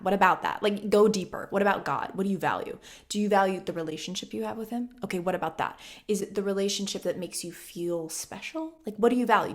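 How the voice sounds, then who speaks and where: Blunt, emphatic woman in her twenties. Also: medium pitch. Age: 20s. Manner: emphatic and blunt, repeats lines for stress. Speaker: vlogger. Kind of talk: casual self-help talk to camera.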